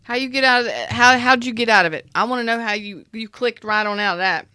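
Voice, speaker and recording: A woman hosting a live tarot reading, talking in a blunt, profane rant that calls viewers out. Her voice is smooth and clear, recorded close and dry with no room sound. She answers chat comments as she goes. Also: on the high side, quick pace, sharp tone, dry recording. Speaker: tarot reader.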